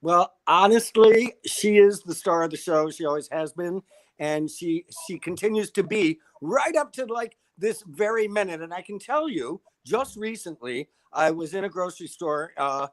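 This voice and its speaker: Animated man telling a story. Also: high voice, moderate pace. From upstate New York. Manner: animated storyteller who acts out the people he quotes. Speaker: guest. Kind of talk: casual interview chat.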